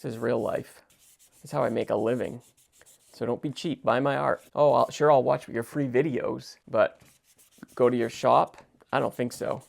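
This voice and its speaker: Gravelly sarcastic man chatting while drawing. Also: mid-range voice, steady tone, normal speed. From United States. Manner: sarcastic, jokey, talks to himself. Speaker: visual artist. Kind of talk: stream-of-consciousness drawing vlog.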